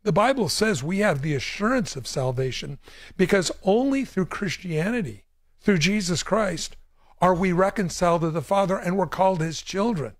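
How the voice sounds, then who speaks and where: A man's voice: high-pitched, lively intonation, normal speed, no echo, clean studio sound. A man hosting a call-in Bible show as a pastor, speaking emphatically and repeating words to drive a point home. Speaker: pastor and radio show host. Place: radio studio.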